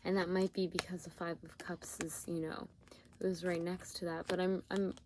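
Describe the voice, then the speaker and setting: A tired woman giving a spiritual tarot reading, talking gently with searching, repetitive phrasing and many fillers. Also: fairly low pitch, little pitch movement, normal speed, slight background noise. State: yawning, tired. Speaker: tarot reader.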